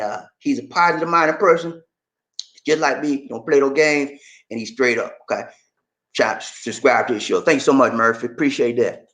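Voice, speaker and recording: A man hosting a casual livestream, greeting viewers and reading their comments aloud in an emphatic, chatty way. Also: fairly high pitch. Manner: animated, emphatic, chatty, repeats phrases. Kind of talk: casual live chat.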